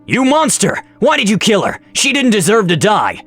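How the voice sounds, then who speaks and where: An enraged male dwarf fighter roars in grief and fury, performed by a man. The voice is strained high and wide-ranging, pushed hard. It is part of a narrated fantasy story. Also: huge pitch swings, normal speed, fairly bright tone, soft background music, full character voice. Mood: furious. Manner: roaring.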